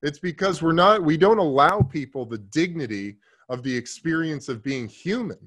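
A man in his thirties, a podcast guest, telling a story in a loose, profane way and swinging from hushed asides to loud emphasis. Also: a little high, animated, normal speed. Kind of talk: casual interview storytelling.

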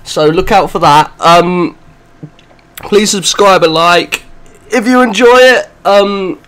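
High bright-voiced young man gaming. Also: takes it slowly, smooth. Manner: chatty, swears often, talks to himself and his teammate. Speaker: gaming channel host. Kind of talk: let's play gaming commentary.

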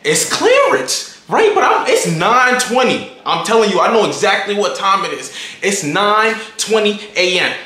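A young man with a high, lively voice tells a casual story to his viewers, hyped and slangy, always checking that they follow. His tone is sharp and bright, and the room around him gives a clear echo. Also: normal speed, hardly any pauses. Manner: hyped, slangy, keeps asking "you feel me". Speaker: vlogger telling a story. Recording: roomy echo.

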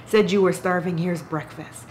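A woman reading the lines of a sly, grimy rat-king man in a low, hushed, conspiratorial voice. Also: fairly even intonation, moderate pace, a little hiss or hum, close to an everyday voice.

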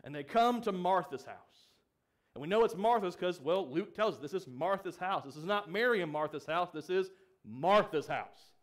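A man's voice: sits high, lively intonation, moderate pace. A young man preaching a sermon as pastor, asking the congregation questions and acting out the quoted lines of the story. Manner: acts out quoted pleas with rising emphasis.

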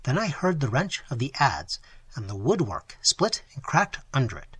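A man reading a gothic novel aloud in a dramatic, expressive style, his voice strained from long sessions. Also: medium pitch, moderate pace, slightly rough, dry recording. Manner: dramatic, animated storytelling. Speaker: audiobook narrator.

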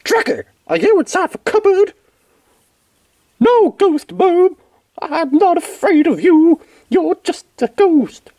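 High-pitched goofy young dragon vlogger voiced by a woman, sing-song, slow and mellow. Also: sing-song, full character voice. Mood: scared. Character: playful young dragon vlogger, easily spooked.

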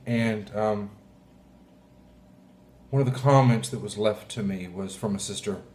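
A man pastor giving a heartfelt, halting sermon, often clearing his throat. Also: lowish voice, fairly even intonation, a little mellow. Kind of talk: emotional sermon.

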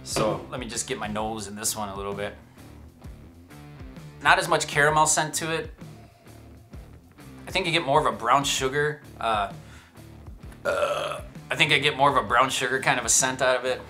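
Bright-voiced man reviewing whiskey. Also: mid-range voice, moderate pace, long pauses, faint music behind. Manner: chatty, self-amused, joking asides. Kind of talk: casual tasting review. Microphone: shotgun microphone.

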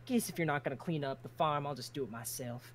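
A woman voicing a brash, house-proud bird-woman farmer with a folksy Southern drawl who scolds quickly. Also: low voice, a little hiss or hum, lightly acted. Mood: bossy. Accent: American Southern.

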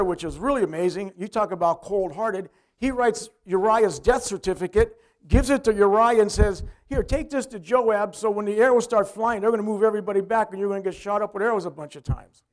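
A man's voice: high-pitched, moderate pace. A middle-aged male pastor preaching a sermon in a conversational way, often asking the congregation questions.

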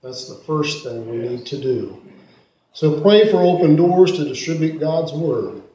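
A man preaching a sermon and telling stories, dramatically swinging from loud peaks to hushed asides. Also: fairly high pitch, lively intonation, unhurried. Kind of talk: sermon storytelling. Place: church sanctuary. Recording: echoey church room.

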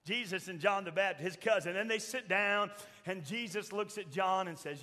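Male pastor, very high bright voice, emphatic sermon delivery, church hall echo. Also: moderate pace. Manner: emphatic preaching, swings from loud shouts to soft quoted asides. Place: church sanctuary. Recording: long church reverb.

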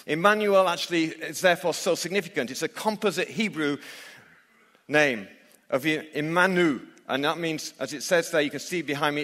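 A man's voice: fairly high pitch, normal speed, fairly bright tone, in a large hall. A man preaching a sermon in church, emphatic and full of rhetorical questions for his listeners. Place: church hall.

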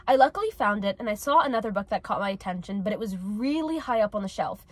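A woman's voice: mid-range voice, expressive, fast, dry recording. A nineteen-year-old woman chatting casually and reading stories aloud in a dramatic, giggly way. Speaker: host.

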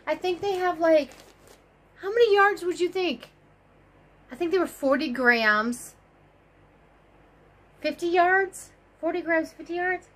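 A very high-pitched woman gushes over an unboxing, gasping and squealing with delight. Her voice leaps all over the place, and she talks slowly and unhurriedly between the squeals. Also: a bit bright. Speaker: crochet vlogger. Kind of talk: excited unboxing chat.

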